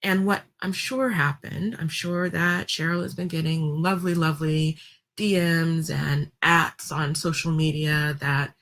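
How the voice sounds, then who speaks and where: A woman with a somewhat low voice talks straight to camera in a casual commentary vlog. Her delivery is chatty and wry, broken by ums and quick laughs, speeding up when she gets worked up. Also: fairly even intonation, fairly bright tone. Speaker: vlogger.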